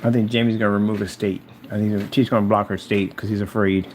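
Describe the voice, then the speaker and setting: A man's voice: on the low side, level tone, fast talker, darkish tone, slight background noise. A man in a mocking, confrontational rant aimed at someone who isn't there, repeating his jabs over and over. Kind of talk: taunting rant addressed to someone absent.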